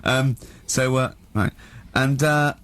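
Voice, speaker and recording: An English radio host tells teasing, giggly stories on a comedy show, recorded in a radio studio. His mid-range voice is steady and slightly bright, moving at a slow pace.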